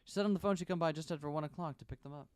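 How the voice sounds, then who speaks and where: Casting: woman playing a hesitant male shop clerk, polite and sorry, low-voiced, fast-talking. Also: a little mellow, smooth, dry recording, studio quality, lightly acted. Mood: apologetic.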